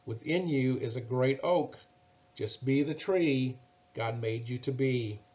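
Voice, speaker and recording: A man voicing a tall, gentle mother oak tree in a storybook, speaking calmly and reassuringly. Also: medium pitch, slow pace, dull audio, lightly acted. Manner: calm, reassuring.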